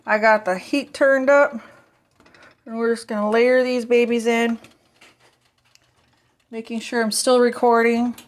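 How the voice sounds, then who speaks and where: A woman's voice: on the high side, level tone, unhurried, pauses often. Chatty woman cooking at her stove. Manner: chatty, folksy, talks while cooking. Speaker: cooking vlogger. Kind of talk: casual kitchen chat to camera. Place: home kitchen. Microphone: phone camera.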